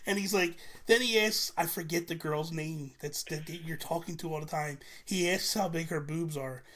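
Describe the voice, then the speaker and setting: A man's voice: on the high side, moderate pace, fairly bright tone. A man in his forties, a podcast guest in casual chat, telling stories animatedly and swearing freely. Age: 40s.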